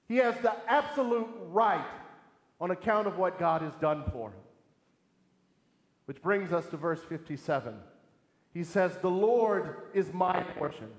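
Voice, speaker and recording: A man preaching a sermon in an earnest, emphatic way, asking rhetorical questions. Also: high voice. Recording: echoey hall with long reverb.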